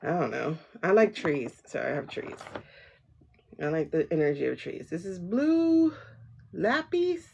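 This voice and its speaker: A woman's voice: deep voice, normal speed, gravelly, a little mellow, lo-fi sound, a little hiss or hum. A woman hosting a casual tarot livestream from home, rambling and chatty, laughing often as she talks to viewers through her phone.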